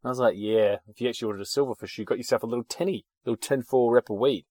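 A man's voice: medium pitch, rapid-fire, darkish tone, dry recording, clean studio sound. A man telling rambling anecdotes in casual chat, with fillers and swearing. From New Zealand.

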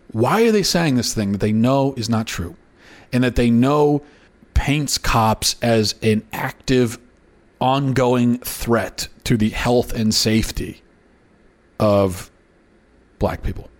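A man hosting a political commentary show, arguing in an emphatic monologue that climbs into indignant outbursts, often repeating and restarting words. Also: medium pitch. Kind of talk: opinion monologue.

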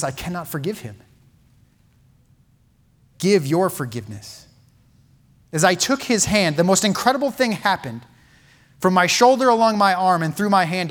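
A man preaching a heartfelt sermon, his voice sitting a little higher than most men's. He swings from loud, emphatic peaks down to hushed, almost whispered lines. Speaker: pastor.

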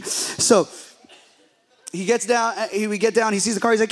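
A young adult man, a pastor, telling a funny story in a sermon with lively acted-out quotes. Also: high voice, a little fast.

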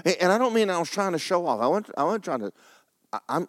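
Man, preacher, folksy sermon storytelling, hushed then shouting, lively pitch, dry sound. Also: fast, no echo. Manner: animated storytelling, drops to hushed tones then builds to excited shouting.

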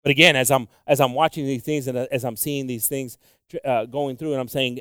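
A man preaching a sermon with passion, moving between loud exclamations and quiet, low asides. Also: fairly even intonation, fairly quick, no echo, clean studio sound.

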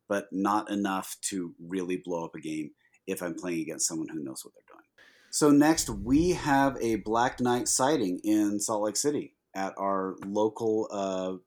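A man with a somewhat low voice co-hosts a casual podcast chat. He talks in an animated, easygoing way, with plenty of fillers along the way. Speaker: podcast co-host.

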